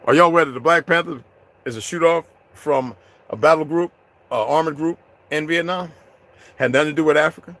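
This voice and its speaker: A man ranting to his viewers in an unscripted, confrontational, profane way, dropping to low mutters and rising to loud outbursts. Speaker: vlogger addressing his viewers. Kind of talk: unscripted rant to camera.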